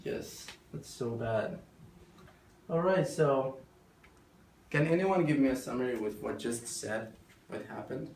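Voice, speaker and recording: A man's voice: mid-range voice, takes it slowly, pauses often, darkish tone, slight background noise. A man teaching a short lesson to a class, explaining things in plain words. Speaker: student teacher. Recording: echoey classroom, heard from far off.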